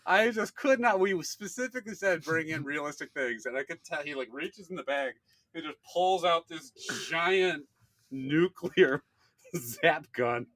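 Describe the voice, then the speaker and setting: A man's voice: a little high, a little slow, fairly bright tone, dry recording. A young man co-hosting a podcast, telling a story in casual chat and laughing often. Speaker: podcast co-host.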